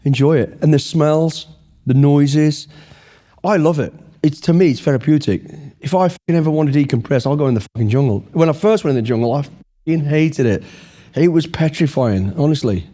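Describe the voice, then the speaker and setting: A man's voice: a little high, fairly quick, mellow. Blunt, swearing middle-aged British man. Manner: blunt, heavy swearing, rambling anecdotes. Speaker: guest, former special forces soldier. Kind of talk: casual storytelling interview.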